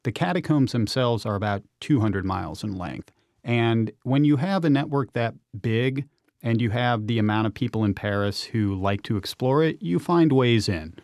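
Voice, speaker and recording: A man's voice: medium pitch, animated, moderate pace, darkish tone, no room sound, studio quality. A man, an urban explorer and author, telling vivid, enthusiastic stories as a guest on a radio interview.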